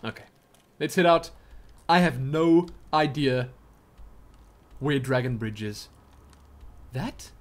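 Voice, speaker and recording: Excitable man commenting on gameplay. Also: medium pitch, slow pace, long pauses. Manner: excitable, exclaiming, chatty and jokey. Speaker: let's play gamer.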